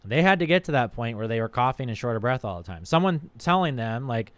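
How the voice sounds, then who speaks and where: Smooth-voiced man, frank and casual. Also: medium pitch, expressive, fast, a bit bright, no room sound. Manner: frank, profane, conversational. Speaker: doctor. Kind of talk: casual livestream talk. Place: home streaming setup.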